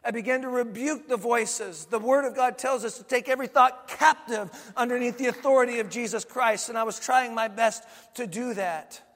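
A man with a high, ringing voice delivers a sermon, driving his points home through insistent repetition. His voice carries a long reverb, as if in a big church hall. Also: moderate pace, hardly any pauses, a bit bright. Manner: preaching with swelling intensity, emphatic repetition. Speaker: pastor.

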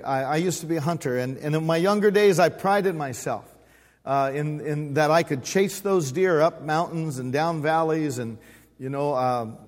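Older man, sixties, higher voice, folksy joking pastor preaching in a reverberant hall. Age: 60s. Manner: folksy, humorous storytelling with call-and-response. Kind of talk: sermon. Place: church sanctuary.

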